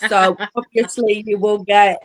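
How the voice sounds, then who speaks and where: A woman's voice: mid-range voice, fairly even intonation, unhurried, rough recording. Enthusiastic woman author, rambling. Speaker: author guest. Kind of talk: casual chat.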